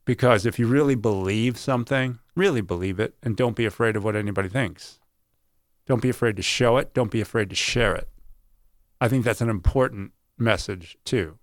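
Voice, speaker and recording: A man's voice: fairly low pitch, fairly quick. A middle-aged man, a sportscaster, telling earnest stories from his career in an interview. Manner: earnest, animated storyteller who acts out quoted voices. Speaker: sportscaster guest. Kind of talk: interview storytelling.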